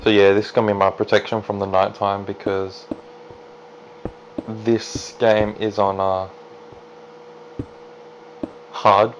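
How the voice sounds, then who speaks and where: A man casually commentating his own gameplay, chatty and self-deprecating, jumping into excited high yelps. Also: slow, long pauses, highs cut off, a little hiss or hum. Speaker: let's play gamer.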